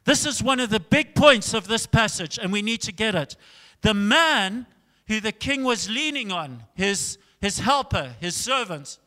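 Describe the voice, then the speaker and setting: Male preacher with a high voice, telling the story with dramatic loud-to-soft swings, in a reverberant church hall. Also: expressive, measured pace. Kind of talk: sermon.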